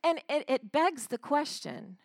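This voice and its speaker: A woman's voice: high voice, animated, unhurried, creaky, dry recording. A woman giving an earnest devotional talk, retelling a story with frequent restarts. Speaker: Christian speaker.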